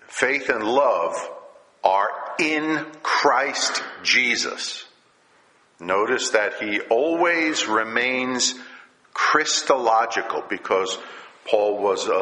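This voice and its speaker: A man preaching a conversational sermon as a Lutheran pastor, halting with many fillers and then rising into emphatic scripture reading. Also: on the low side, lively intonation, sharp tone, far from the mic. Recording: very echoey room.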